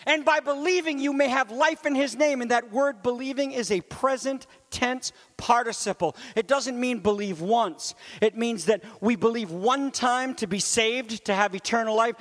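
A man preaching a sermon in a lively, conversational way, with asides to the congregation and sudden swings from loud to hushed. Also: sits high, in a large hall. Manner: animated, swings from loud to near whisper. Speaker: pastor.

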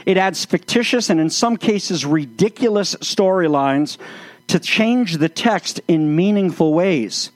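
A man's voice: high-pitched, expressive, a little slow, no echo. A man speaking as a pastor in sermon-style commentary, earnest, with flashes of exasperated sarcasm.

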